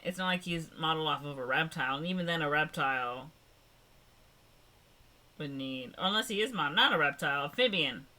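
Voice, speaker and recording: A woman co-hosting a podcast, casual and playful, quick to laugh and toss in jokes. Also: deep voice, animated, pushed and bright. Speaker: podcast co-host. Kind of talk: casual chat.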